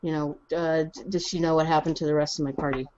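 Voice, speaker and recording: Low-voiced hesitant woman player. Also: level tone, quick pace, darkish tone, lo-fi sound. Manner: hesitant, restarts often, giggly. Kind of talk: casual tabletop play.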